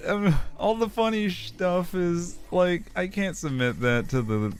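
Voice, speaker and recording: A man's voice: high voice, a little slow. A man streaming live and chatting casually, laughing often while reading chat aloud and swearing now and then. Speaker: streamer and animator.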